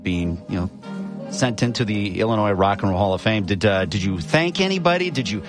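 A man's voice: on the low side, animated, fairly quick, over music. A man hosting a morning radio show, playing the straight man in casual banter with stammering restarts. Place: radio studio.

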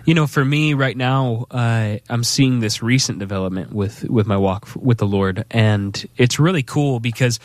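A man's voice: mid-range voice, moderate pace, few pauses, no echo. Sincere man sharing his faith reflectively. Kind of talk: faith talk show chat.

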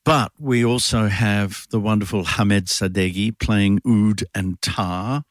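A man's voice: on the low side, steady tone, slow pace, no echo, studio quality. A middle-aged man, a guest performer, talking thoughtfully in a radio interview with many fillers and restarts. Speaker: guest performer and adapter of a classic poem.

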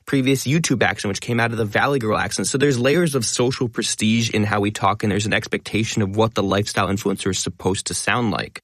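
A man talking as a guest in a casual interview, explaining in a quick, eager way. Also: fairly low pitch, fairly even intonation, a bit bright, dry recording, studio quality. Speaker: guest, linguist and educational video creator.

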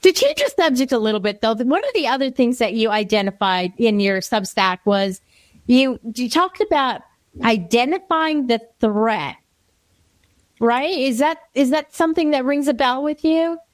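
A woman's voice: high-pitched, sing-song, normal speed, no echo. A woman interviewer telling a chatty anecdote and asking questions. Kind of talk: interview conversation.

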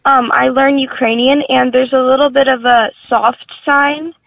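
A woman's voice: sits high, fairly even intonation, normal speed, vocal fry, no room sound. A woman calling in to a radio show over the phone, giving short agreeable replies. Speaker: caller. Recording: tinny phone line.

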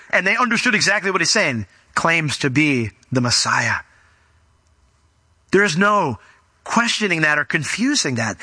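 A man's voice: fairly high pitch, sharp tone, no echo. A male pastor preaching a conversational sermon, emphatic and acting out quotes.

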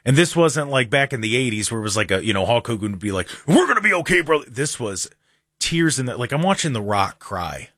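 A man's voice: fairly low pitch, animated, fairly quick, fairly bright tone, no room sound, clean studio sound. A man hosting a talk show in casual chat, earnest and prone to repeating words as he talks. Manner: earnest, repeats and restarts words when talking. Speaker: radio talk show host.

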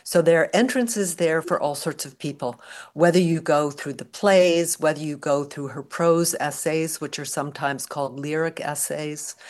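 A woman's voice: deep voice, a little mellow. An older woman professor, a guest on a radio interview, answering in a thoughtful, articulate academic manner.

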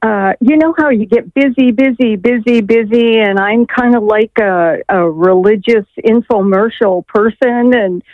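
A woman's voice: on the high side, a little slow, hardly any pauses, no echo. A woman calling in to a radio show, telling a long story hesitantly with many fillers over the telephone. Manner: rambling, hesitant, full of fillers. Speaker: radio caller. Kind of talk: call-in storytelling. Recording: tinny phone line, dry.

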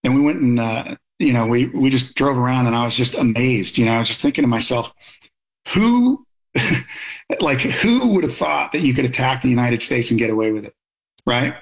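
A man's voice: mid-range voice, quick pace, low-quality recording. Blunt, opinionated middle-aged man. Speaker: guest, military officer. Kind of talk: conversational interview.

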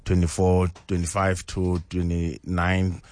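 A man, a doctor guest on a radio show explaining in a measured, halting way. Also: low voice, completely flat delivery, a little mellow, dry recording. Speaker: doctor, bariatric surgeon guest.

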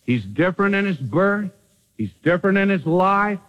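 A man preaching a sermon with dramatic swings from loud declarations to hushed asides. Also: high-pitched, expressive, normal speed, dull audio.

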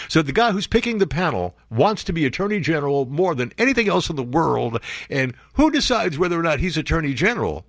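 Man, talk radio host, sarcastic and mocking, pitch leaping up and down, dry close studio sound. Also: very animated, fast, no echo. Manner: sarcastic, mocking, jumps to put-on voices. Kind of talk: opinionated talk radio monologue.

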